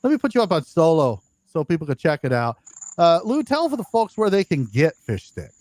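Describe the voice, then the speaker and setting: Chatty older man, lively pitch, dry sound. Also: fairly quick, dry recording. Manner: chatty, laughing, reads out viewer comments. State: losing his voice. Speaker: podcast host. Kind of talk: casual live-stream chat.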